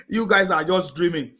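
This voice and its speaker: Combative high-voiced man ranting. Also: fairly bright tone. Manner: combative, repeats phrases, asks "you understand me?". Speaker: political commentator. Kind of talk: heated live-stream rant.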